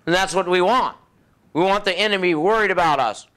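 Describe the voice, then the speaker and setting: Folksy preacher with a raised pitch. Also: male voice, brisk. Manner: acts out voices of demons and doubters, drops low and soft for effect. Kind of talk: sermon.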